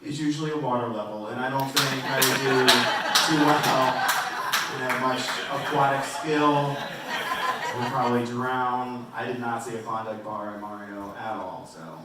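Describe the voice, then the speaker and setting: A man doing a stand-up comedy set in a club, rambling and self-deprecating, with halting restarts. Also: medium pitch, steady tone. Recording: roomy and distant, faint noise.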